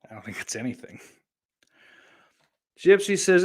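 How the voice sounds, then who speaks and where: A man with a Southern accent reads out listener comments and rambles through them with sardonic, profane asides. His voice sits in an ordinary middle pitch for a man. He talks like a podcast host chatting casually. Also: measured pace, long pauses, a bit bright. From New York.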